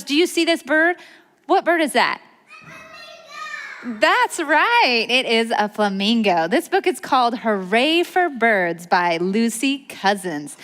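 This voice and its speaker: Slow sing-song woman reading to children. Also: on the high side, a bit bright. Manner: sing-song, coaxing, leading children in call-and-response. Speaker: children's librarian reading a story. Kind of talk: storytime read-aloud with actions for children. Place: library storytime hall. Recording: reverberant library hall.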